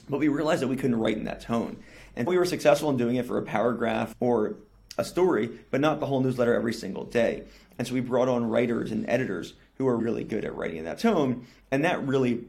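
A man's voice: mid-range voice, gravelly, a little mellow. A young man, a company founder, giving fluent, businesslike answers in a podcast interview and often adding "right?". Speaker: newsletter company CEO, guest.

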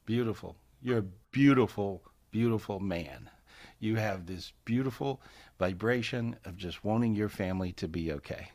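A man's voice: lowish voice, moderate pace. A man hosting a live spiritual healing call-in over a video call, folksy and repetitive, laughing often. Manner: warm, folksy, repeats phrases, laughs often. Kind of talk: casual live call-in session.

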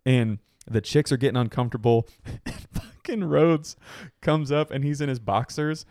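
Male podcast host, animated storyteller, swears and laughs, dry close mic. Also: medium pitch, normal speed, dry recording. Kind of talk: casual storytelling chat.

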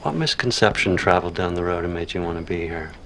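An actor playing a cynical army lieutenant with a dry, sardonic manner in a TV drama. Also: male voice, sits low, expressive, fast talker, a bit bright, a little hiss or hum. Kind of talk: TV drama acting.

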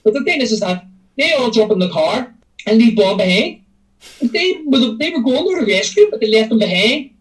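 A man's voice: very high-pitched, animated, fairly quick, recorded from a distance, poor audio. A man co-hosting a casual film review podcast, rambling as he retells scenes at length. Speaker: podcast co-host.

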